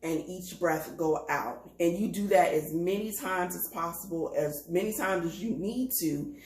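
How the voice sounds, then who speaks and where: Calm low-voiced woman teaching mindfulness. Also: unhurried, roomy sound, low-quality recording. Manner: calm, instructive, steady. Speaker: co-host. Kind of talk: casual chat on mindfulness.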